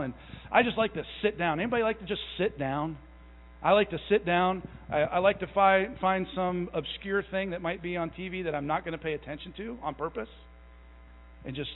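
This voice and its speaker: A preacher in his thirties with a fairly high voice gives a conversational sermon, blending folksy family stories and self-deprecating jokes before building to a louder, slower, emphatic conviction. The audio is narrow and phone-like, trailed by a long hall echo.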